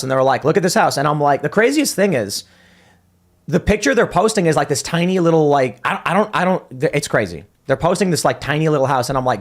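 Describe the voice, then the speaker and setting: A man hosting a livestream, telling stories in casual chat, rambling with many restarts and fillers. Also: mid-range voice. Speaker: livestream host.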